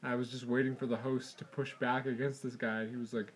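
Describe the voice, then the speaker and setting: A man's voice: mid-range voice, little pitch movement, fast, breathy edge. A man in casual chat, wryly telling a story about something odd he heard.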